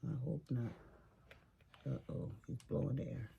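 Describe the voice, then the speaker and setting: A woman's voice: extremely low pitch, fairly even intonation, measured pace, gravelly, dark tone, dull audio, a little hiss or hum. A woman chatting casually while she crafts, telling stories about her family and neighbors with sassy asides. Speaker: craft vlogger.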